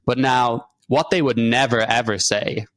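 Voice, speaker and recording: A man from Ireland with an Irish accent, hosting a podcast and putting questions to his guest in a measured way, thinking aloud with fillers. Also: mid-range voice, fairly even intonation, fairly bright tone, no echo. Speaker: podcast host. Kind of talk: casual interview conversation.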